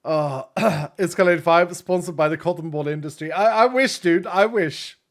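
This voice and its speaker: A male streamer in his late thirties talks casually to his live chat and reads out viewer messages. His voice sits somewhat high for a man. He is openly emotional and gushing, and he laughs a lot between lines. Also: normal speed. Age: late 30s.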